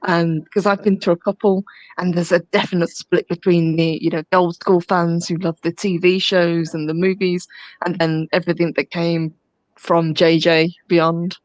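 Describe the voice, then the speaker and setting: Woman guest with a lowish voice, dry close mic, asks curious questions. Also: level tone, moderate pace, no echo, poor audio. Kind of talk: casual chat.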